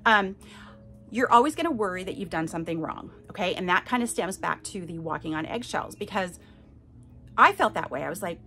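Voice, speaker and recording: A woman's voice: fairly low pitch, expressive, a little fast, bright, forceful tone, soft background music. A woman hosting a podcast, telling her own story in a candid, emphatic way and turning often to her listeners to check in. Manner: candid and emphatic, addresses listeners directly with frequent "okay?". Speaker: podcast host. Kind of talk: personal testimony to listeners.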